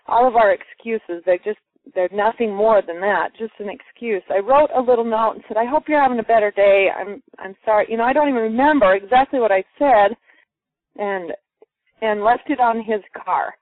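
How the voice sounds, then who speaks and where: Animated woman telling a story over a tinny line. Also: fairly high pitch, moderate pace, dry recording. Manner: lively, acts out quoted voices. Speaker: guest telling a personal story. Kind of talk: storytelling to a group. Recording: muffled phone-line sound, dry.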